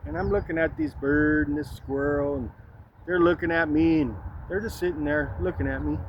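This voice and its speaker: A man's voice: a little high, steady tone, moderate pace, muffled recording, slight background noise. A man talking casually on a walk through a city park, rambling through a story and tossing in "man" and "right?" as he goes. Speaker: vlogger. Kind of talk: casual walk-and-talk vlog.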